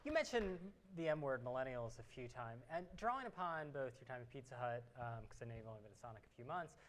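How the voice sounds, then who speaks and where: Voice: mid-range voice, lively intonation, fast talker. A moderator leading a question-and-answer session at a conference, upbeat and joking. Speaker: panel moderator.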